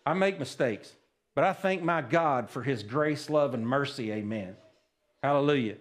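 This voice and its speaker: A man's voice: medium pitch, expressive, normal speed. A man preaching a sermon at a church service, plain-spoken and folksy, often checking in with the congregation. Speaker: pastor.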